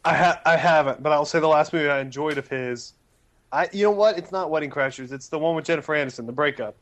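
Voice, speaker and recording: A man's voice: fairly high pitch, fast talker. Man musing thoughtfully on a podcast. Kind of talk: casual movie chat.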